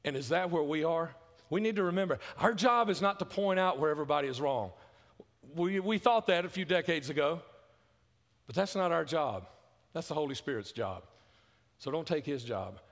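A man's voice: a little high, animated, normal speed. Emphatic man preaching in a reverberant church. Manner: emphatic, repeats words, rises to loud passionate peaks. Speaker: pastor. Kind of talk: sermon. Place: church sanctuary.

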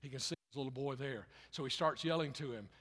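A pastor preaching a sermon in a conversational way, rising loud for emphasis and dropping quiet and low, repeating phrases. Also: male voice, fast talker. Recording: long hall reverb.

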